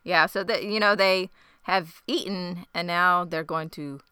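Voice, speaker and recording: A woman co-hosting a podcast in casual chat, chatty and teasing, quick to laugh. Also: on the low side, steady tone, sharp tone, clear, resonant tone, no echo, clean studio sound. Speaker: podcast co-host.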